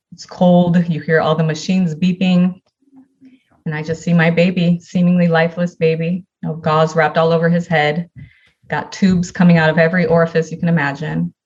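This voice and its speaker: A woman's voice: low-pitched, darkish tone, highs cut off. A woman, a podcast guest, earnestly telling a personal story and acting out the dialogue in it.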